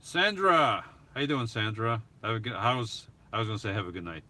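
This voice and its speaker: A man's voice: lowish voice, very animated, fairly quick, pushed and bright. A man hosting a livestream, rambling casually as he answers viewer comments. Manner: rambling, self-correcting, chatty. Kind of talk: casual live chat.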